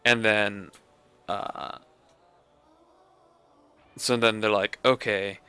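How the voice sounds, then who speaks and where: Young guy streamer rambling slow, gravelly and bright, lots of likes, faint music behind. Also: on the low side, steady tone. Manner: rambling, amused, lots of "like" and restarts. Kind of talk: casual chat.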